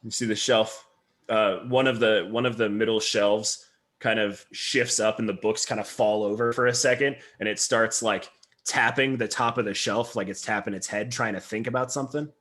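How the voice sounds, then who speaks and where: A man's voice: fairly low pitch, fairly even intonation, normal speed, a bit bright. A man narrating a tabletop role-playing game as game master, rambling with many restarts.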